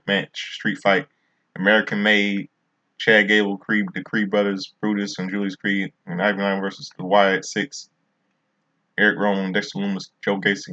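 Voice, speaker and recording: A man's voice: lowish voice, sharp tone, lo-fi sound. A man casually reviewing a wrestling show in a vlog, rambling and often restarting his sentences.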